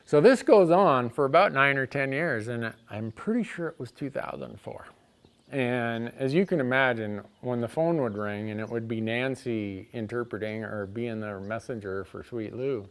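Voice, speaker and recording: A man's voice: mid-range voice, clean tone. A man telling a funny personal story in a casual way, restarting sentences and adding wry asides. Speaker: storyteller on an outdoors show. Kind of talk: casual spoken anecdote. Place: shop.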